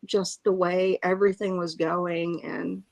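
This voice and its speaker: Woman eyewitness, lowish voice, halting and emotional, dry close sound. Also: flat delivery, a little mellow, dry recording. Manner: halting, breaks off and apologizes, restarts; angry and frustrated. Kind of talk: emotional first-hand account.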